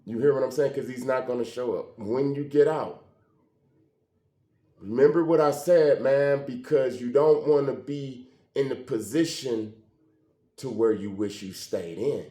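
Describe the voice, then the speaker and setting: A man telling a personal story in a casual, animated way, often acting out the dialogue. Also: medium pitch, a little slow. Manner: animated, conversational, acts out quoted dialogue. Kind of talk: emotional storytelling monologue. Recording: roomy echo.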